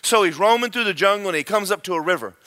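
A man preaching a sermon through a story, fast and animated, rising into shouted praise. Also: high-pitched.

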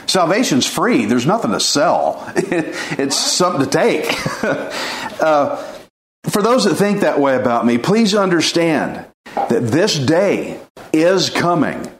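A man preaching an informal sermon, earnest and pleading, with folksy chuckles. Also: a little high. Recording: echoey room.

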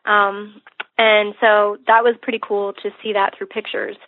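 A woman guest in a casual conversation, talking chattily with many fillers and a husky voice. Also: mid-range voice, little pitch movement, unhurried, no room sound. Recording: tinny phone line, dry.

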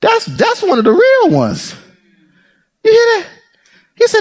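A man preaching a sermon as pastor, playful and lively, laughing often and talking straight to the congregation. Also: extremely high pitch, a little slow, pauses often.

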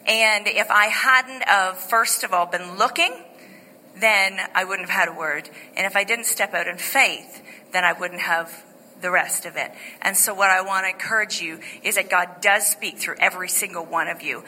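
A middle-aged woman pastor giving an informal sermon testimony, chatty and animated, with many fillers and restarts. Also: mid-range voice, normal speed, in a large hall, slight background noise, low-quality recording. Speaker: lead pastor. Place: church sanctuary.

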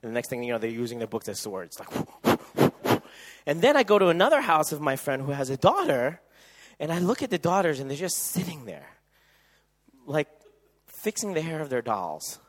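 A man speaking at a youth camp, telling funny stories sermon-style and acting out other people's voices with loud shrieks. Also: on the high side, fairly quick. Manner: animated, acts out quoted voices with loud shrieks. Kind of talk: humorous sermon storytelling.

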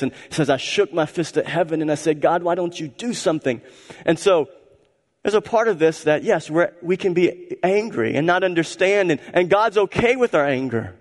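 A man preaching a sermon as pastor, emphatic and repetitive, swinging between loud and hushed. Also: a little high. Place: church sanctuary. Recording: church hall reverb.

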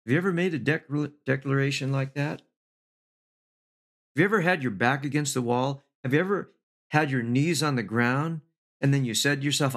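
A middle-aged man giving an inspirational speech to an audience. He talks in measured, slow lists, lifts his pitch for emphasis and drops in the odd wry aside. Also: a bit bright. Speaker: motivational speaker.

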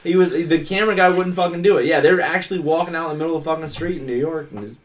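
A man's voice: on the high side, steady tone, racing. A man on a podcast, casually recounting film trivia with swearing. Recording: voice off-mic.

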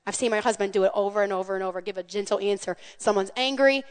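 A woman pastor with a smooth, mid-range voice speaks quickly as she delivers a conversational sermon. She tells stories with animation and calls out to the congregation, and the recording carries a long hall reverb.

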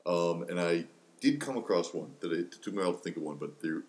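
A man's voice: deep voice, expressive, fast, darkish tone. A man co-hosting a podcast in casual discussion, blunt and wry. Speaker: podcast co-host.

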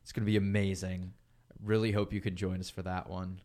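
A man's voice: low-pitched, flat delivery, brisk, darkish tone. A young man hosting a podcast in casual chat, laughing often and stumbling over tricky names. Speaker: podcast host.

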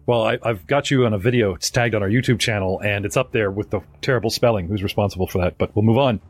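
A man's voice: on the low side, fast, slightly rough, no room sound. A man hosting a live-streamed tabletop game, chatty and rambling as he introduces his players. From North America. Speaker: game master and podcast host.

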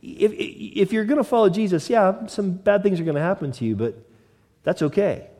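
Male pastor, conversational sermon, mellow tone, long hall reverb. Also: sits high, moderate pace. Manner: conversational preaching with mock quoted voices.

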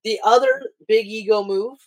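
A man's voice: high voice, huge pitch swings, normal speed. A man co-hosting a casual podcast chat, telling stories animatedly, acting out quotes and swearing freely. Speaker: podcast co-host.

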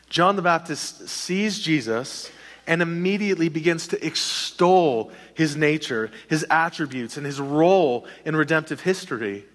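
A man delivers a sermon with lively emphasis and the odd joking aside. His voice sits a little high for a man. It rings out with a long reverb, as in a large church hall. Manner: animated preaching with a joking aside. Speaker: pastor.

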